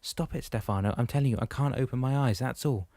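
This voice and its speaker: A man's voice: medium pitch, quick pace, mellow, no room sound, pitched above the performer's own voice, lightly acted. A man voicing an anxious young man who pleads in a raised, alarmed, whiny voice, in an audiobook.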